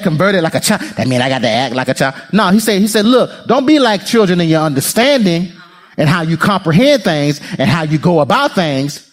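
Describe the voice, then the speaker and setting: Lively animated preaching pastor, man. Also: high-pitched. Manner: animated preaching, calls to the congregation, acts out voices. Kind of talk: sermon.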